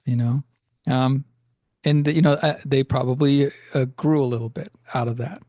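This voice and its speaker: A man's voice: medium pitch, no room sound, muffled recording. Rambling man hosting a podcast. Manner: rambling, filler-heavy, self-mocking. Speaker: podcast host. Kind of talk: casual comedic chat.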